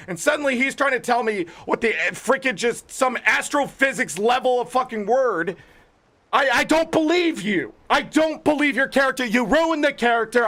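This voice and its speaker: A man's voice: extremely high pitch, sharp tone. A man hosting a gaming channel, ranting with exasperated profanity and rambling filler words. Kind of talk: ranting commentary.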